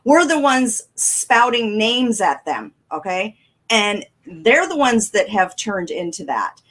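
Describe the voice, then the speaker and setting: A woman's voice: medium pitch, takes it slowly, poor audio. A middle-aged woman, co-hosting a casual talk show and telling chatty stories with a laugh. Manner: chatty storyteller, animated and laughing. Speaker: co-host.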